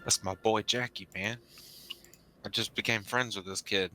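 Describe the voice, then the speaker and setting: A man taking part as a player in a tabletop game, eager and excitable. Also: fairly low pitch, normal speed, faint music behind. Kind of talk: casual tabletop play.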